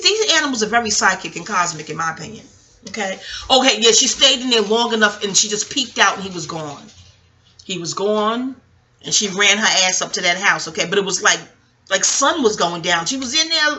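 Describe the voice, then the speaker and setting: A woman's voice: on the high side, sharp tone. A woman vlogger telling a rambling, profane story straight to her viewers in a casual way.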